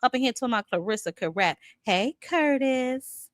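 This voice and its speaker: A woman's voice: on the high side, lively intonation, normal speed, no room sound. A chatty woman hosts a boxing live stream and banters with her viewers, greeting them by name and teasing them. She talks with lots of fillers and restarts. The recording is dry and close, with almost no room sound. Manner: filler-heavy with many restarts. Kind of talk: casual live stream commentary.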